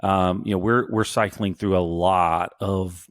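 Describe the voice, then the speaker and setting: Measured low-pitched man, halting podcast talk. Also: fairly even intonation, no room sound, studio quality. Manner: measured, halting, restarts sentences. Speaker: podcast co-host. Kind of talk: casual business chat.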